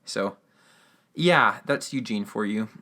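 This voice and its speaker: A man's voice: lowish voice, animated, slow, bright, forceful tone. A man hosting a podcast, giving a casual, rambling recap of a radio drama episode with lots of fillers and restarts. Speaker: podcast host.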